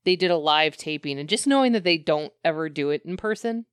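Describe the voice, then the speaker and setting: Giggly woman podcaster, smooth dry voice. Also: low-pitched, expressive, brisk, no room sound. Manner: giggly, rambling, self-mocking. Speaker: podcast co-host. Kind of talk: casual chat. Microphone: compact podcast mic.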